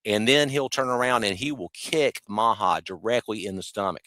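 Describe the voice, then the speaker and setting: A man in his fifties, a podcast guest talking in an animated, emphatic way with mocking asides. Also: fairly low pitch, normal speed, a little hiss or hum. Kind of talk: casual conversation.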